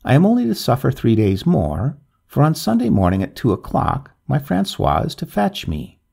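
A man voicing a dying, pious Breton peasant who speaks quietly, calmly and courteously. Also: medium pitch, moderate pace, creaky, husky, voice pushed up, exaggerated voice. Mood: serene.

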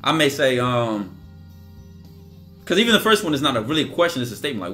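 A man's voice: mid-range voice, sing-song, a little fast, sharp tone, faint music behind. A man talking casually and emphatically on a livestream, acting out bits of dialogue as he goes. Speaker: streamer. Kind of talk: livestream monologue.

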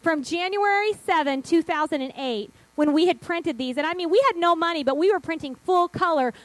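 High-voiced woman pastor telling a story. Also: a little fast, no room sound, rough recording. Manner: animated storytelling, acting out quotes. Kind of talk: sermon storytelling.

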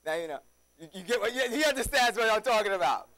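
Bright, high-voiced man preaching. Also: fast talker, rough recording. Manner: animated storytelling with rhetorical questions. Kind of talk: sermon. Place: church.

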